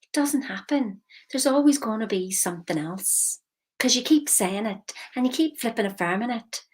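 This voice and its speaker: A woman mindset coach giving a lively, emphatic motivational talk straight to her viewers. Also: a little high, moderate pace, breathy edge. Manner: lively, emphatic, slips into quoted voices.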